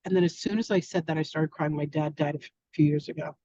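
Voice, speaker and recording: A woman's voice: low voice, steady tone, fast, dark tone, no room sound. Effusive spiritual teacher woman, dull lo-fi sound. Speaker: spiritual teacher hosting an online masterclass. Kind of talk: casual live-stream chat. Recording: dull lo-fi stream audio.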